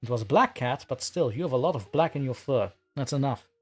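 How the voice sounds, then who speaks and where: A man's voice: mid-range voice, lively intonation, brisk, breathy edge, faint music behind. A man hosting a casual livestream, talking with a rambling, chatty manner and laughing often. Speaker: livestream host and story narrator.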